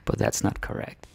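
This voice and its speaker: A man's voice: a little mellow, dry recording. A man with a Danish accent explaining his language in a casual lesson, chatty and full of little tag words. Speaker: Danish teacher.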